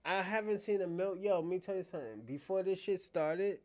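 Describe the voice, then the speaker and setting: A man's voice: sits high, a little fast, darkish tone. Laid-back man chiming in on a show. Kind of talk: casual commentary.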